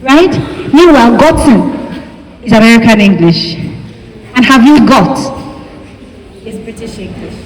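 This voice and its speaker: A woman's voice: a little high, expressive, unhurried, pauses often. A woman with a Nigerian accent giving a classroom lecture, chatty and asking the class questions. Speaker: university lecturer. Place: lecture hall. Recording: echoey hall with faint ambience.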